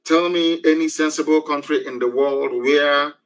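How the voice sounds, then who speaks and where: A man's voice: fairly high pitch, fairly even intonation, moderate pace, poor audio. A man giving an impassioned political broadcast, preachy and full of repeated rhetorical questions. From Nigeria.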